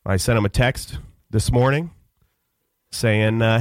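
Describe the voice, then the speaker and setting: A man telling a rambling, mock-solemn comic story on a radio show, halting with many fillers. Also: on the low side, no echo, studio quality. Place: radio studio.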